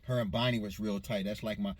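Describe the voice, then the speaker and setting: A man's voice: lowish voice, fairly even intonation, brisk. Man from Los Angeles reminiscing loosely. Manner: meandering, self-correcting recollection in a loose vernacular. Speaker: storyteller recounting his childhood. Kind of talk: casual spoken memoir.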